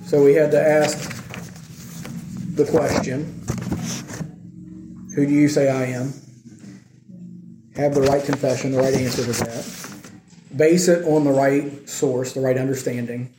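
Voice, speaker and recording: A man's voice: mid-range voice, fairly even intonation, a little slow, pauses often, background noise. A man preaching a sermon in a conversational teaching style, often checking in with his listeners. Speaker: pastor. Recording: echoey room.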